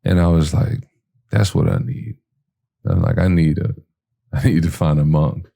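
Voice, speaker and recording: A man speaks at normal speed in a deep voice with vocal fry, casually sharing a story from his life. He brings it to life by acting out what he and the other people said, leaning heavily on fillers.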